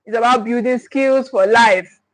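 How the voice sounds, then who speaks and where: A parenting coach teaches on a livestream in a slightly high voice at normal speed, emphatically stressing and repeating key phrases. She speaks directly to viewers and checks in with them, and the low-quality recording has no room sound.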